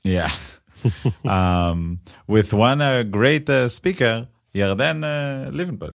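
A man's voice: medium pitch, animated, slow pace, gravelly. A man co-hosting a casual tech podcast, playful and joking, laughing often and using lots of uh fillers. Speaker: podcast co-host.

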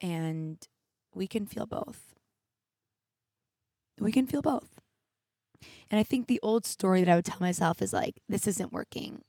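A woman's voice: medium pitch, normal speed, mellow, dry recording, studio quality. A young woman hosting her own podcast, talking candidly and reflectively, teary at times, with many "like"s. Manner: candid, reflective, heavy use of "like". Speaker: podcast host. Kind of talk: emotional solo podcast monologue. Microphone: studio mic with headphones.

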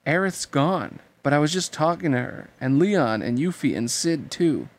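A man's voice: on the high side, lively intonation, moderate pace, lightly acted. A man reading the lines of an earnest, bewildered teenage boy hero, puzzled and questioning, in an amateur audiobook reading.

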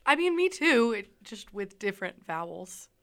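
A woman's voice: medium pitch, sing-song, normal speed, a bit bright. A young woman co-hosting a podcast in casual chat, telling stories and laughing often. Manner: chatty storytelling, laughing often. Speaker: podcast co-host.

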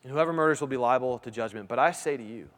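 A man's voice: mid-range voice, quick pace. Man preaching in a reverberant hall. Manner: conversational preaching, frequent self-restarts, asks listeners "right?". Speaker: pastor. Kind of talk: sermon.

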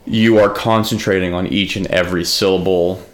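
A man's voice: deep voice, fairly even intonation, moderate pace. A man co-hosting a podcast in casual chat, rambling with lots of fillers and the odd swear. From United States. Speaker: podcast co-host.

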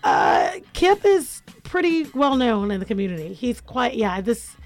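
A woman's voice: fairly high pitch, sing-song, unhurried, darkish tone, faint music behind. A woman hosting a radio talk show, chatting casually in a bubbly, joking way and laughing often.

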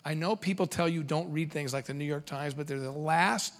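A middle-aged man giving a humorous seminar talk to parents, animated and quick with joking asides. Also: a little high.

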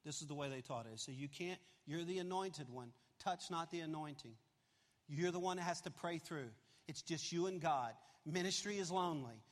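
A man in his fifties preaches to a large church congregation, telling a personal story with animated swings between loud outbursts and hushed, confessional moments. His voice sits high for a man, and a long hall reverb trails every phrase. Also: moderate pace. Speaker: pastor. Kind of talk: storytelling sermon.

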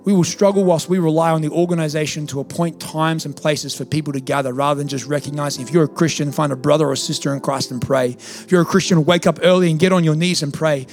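A man's voice: a little high, steady tone, quick pace, few pauses, soft background music. A male pastor preaching a sermon in a church, talking casually and then building to emphatic peaks.

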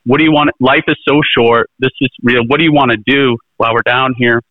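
A man's voice: mid-range voice, fairly even intonation, fairly quick, no room sound. A middle-aged man, a guest in an interview, telling his story in an earnest, rambling way full of restarts and fillers. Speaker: interview guest, presidential candidate. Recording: tinny phone-like line, dry.

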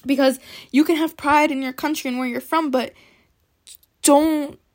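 A woman's voice: high voice, fairly even intonation, moderate pace, a little mellow. A young woman hosting a student podcast, giving her opinions in an emphatic, insistent way and repeating points for stress.

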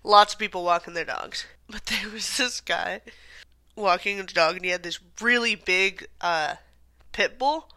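A woman's voice: mid-range voice, unhurried, bright, forceful tone. A woman co-hosting a casual chat, telling stories with lots of fillers. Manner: chatty storytelling, frequent fillers and laughs.

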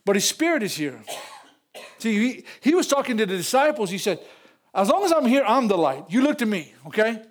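A man's voice: high-pitched, big pitch swings, a little fast. Older man preaching an emotional sermon. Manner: emotional, repeats phrases, rises to loud peaks. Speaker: pastor. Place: church.

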